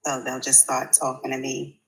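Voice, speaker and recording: Client woman, very deep voice, hesitant, pauses a lot while searching for words. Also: monotone, gravelly, fairly bright tone, poor audio. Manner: hesitant, many pauses and fillers. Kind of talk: casual conversation in a reading session.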